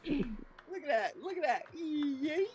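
A young woman gaming with friends, brash and excitable, swearing freely as she plays. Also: high-pitched, slow pace, a little hiss or hum. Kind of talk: casual gaming chat.

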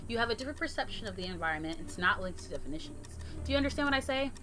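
A woman voicing a polite, scheming male skeleton gentleman from a video game, speaking calmly and formally as he lectures. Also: medium pitch, racing, soft background music. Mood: explaining.

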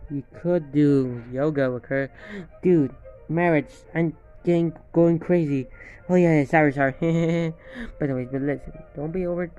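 A man's voice: a little high, moderate pace, warm tone, natural voice. A man doing a rambling, nervous groom. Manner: rambling, repetitive, casual. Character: nervous young groom and chatty friends. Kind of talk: hobby voice acting. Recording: dull lo-fi with faint music.

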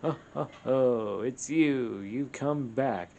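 A man voicing an excitable, friendly male pet dog in a video game, reading its lines with eager, bubbly delivery over background noise. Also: mid-range voice, slow pace, gravelly. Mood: excited.

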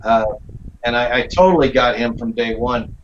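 A man who voices characters and teaches acting, talking through his craft in a relaxed, reflective way with lots of fillers. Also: mid-range voice, normal speed, a little hiss or hum. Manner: reflective, rambling with many fillers. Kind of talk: casual interview chat. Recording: slightly dull, muffled audio.

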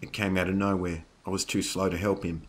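A man voicing a young woman hunter who speaks in halting, strained phrases. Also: deep voice, little pitch movement, slight background noise, close to an everyday voice. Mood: shaken.

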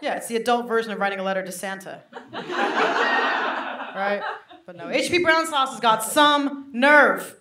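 A young woman doing stand-up with an American accent picked up over a mixed British upbringing, brash and self-mocking with quick asides to the crowd. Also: on the high side. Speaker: stand-up comedian. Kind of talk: stand-up comedy set. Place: comedy stage before a live audience. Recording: roomy live venue, faint noise.

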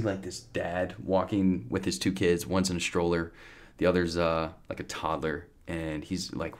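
A podcast guest, a man in his thirties with a low-sitting voice, tells a long story casually and animatedly, full of restarts and fillers.

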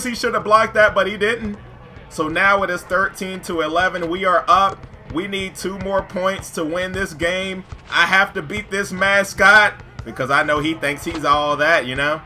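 A man commentating his own basketball video game with hype, jumping from loud shouts to low, joking asides. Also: steady tone, moderate pace. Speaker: gaming YouTuber commentating his own play. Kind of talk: excited gameplay commentary.

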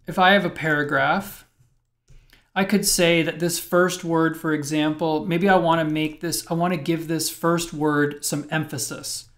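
A man's voice: on the high side, fairly even intonation, measured pace, fairly bright tone. A man teaching web programming in a screencast lecture, thinking aloud and explaining step by step as he types.

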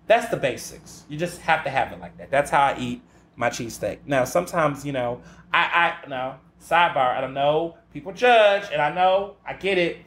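A man's voice: a little high, expressive, moderate pace, a bit bright. A man hosting a podcast, chatting casually alone in a sassy, emphatic way and often stopping to ask "okay?" for emphasis. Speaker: podcast host. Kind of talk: casual solo chat. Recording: roomy echo with faint ambient noise.

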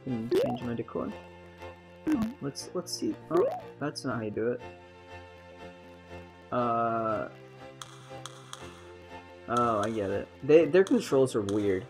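A young adult woman streamer giving casual live game commentary, chatty and excitable and swearing freely. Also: rumbling low, takes it slowly, pauses often, soft background music, poor audio.

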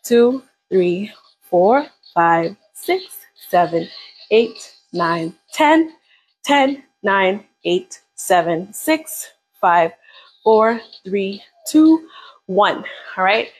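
A woman's voice: mid-range voice, very slow, husky, faint music behind, poor audio. A woman leading a live beginner workout, coaching casually and encouragingly while counting down reps. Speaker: fitness instructor.

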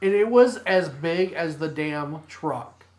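A woman chatting casually on a podcast, telling a story in a relaxed way. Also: deep voice, slow pace. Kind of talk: casual chat.

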